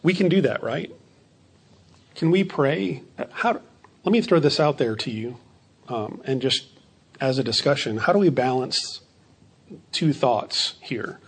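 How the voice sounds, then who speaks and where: Husky-voiced pastor with a lilt. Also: male voice, mid-range voice, lively intonation, a little slow, pauses often. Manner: conversational, asks rhetorical questions, repeats phrases. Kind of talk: midweek Bible study teaching.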